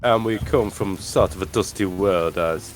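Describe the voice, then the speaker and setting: Play a low-voiced man role-playing drowsily. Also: unhurried, soft background music. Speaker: tabletop game player. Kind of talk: in-character role-play chat.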